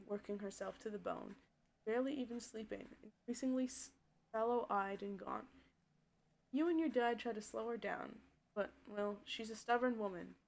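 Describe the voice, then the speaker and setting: A woman streamer reading a story game's text aloud on a live stream, with loud, upset outbursts and swearing between the passages. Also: fairly high pitch, vocal fry. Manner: reads narration steadily, then breaks off with loud distressed outbursts and swearing.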